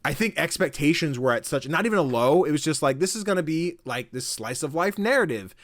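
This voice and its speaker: A man's voice: on the high side, brisk, dry recording, clean studio sound. A man co-hosting a podcast, telling game stories in casual chat, acting out quotes and swearing freely. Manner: animated storytelling, acts out quotes, swears casually. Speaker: podcast co-host.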